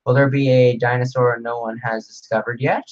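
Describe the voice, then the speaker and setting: Brief: man, livestream host, rambling and excitable, reads chat aloud, mid-pitched, dull lo-fi mic. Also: normal speed. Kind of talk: casual livestream Q&A.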